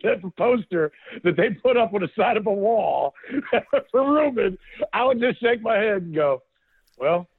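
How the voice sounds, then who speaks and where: Laughing storyteller on a tinny phone line. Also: male voice, high-pitched, measured pace, gravelly, slightly rough, dry recording. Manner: animated storyteller, laughs often, quotes people. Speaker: former football player, guest. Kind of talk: casual storytelling on a call-in show.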